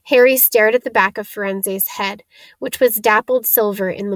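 A woman's voice: mid-range voice, moderate pace, no room sound, poor audio. Woman narrating a storybook, dry close sound. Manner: steady, expressive reading. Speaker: audiobook narrator.

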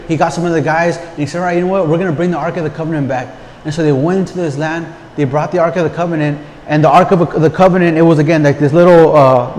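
This pastor has a somewhat high voice with a darkish tone. Preaching casually and conversationally, he often repeats words and asks rhetorical questions of those listening, recorded in long hall reverb with faint noise behind him.

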